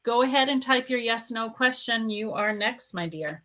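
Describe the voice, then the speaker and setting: Middle-aged female psychic streamer, gentle and endearing, bright tone. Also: a little high, normal speed, hardly any pauses. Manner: soothing, calls listeners dear and love. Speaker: psychic reader. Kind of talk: live-stream reading for viewers.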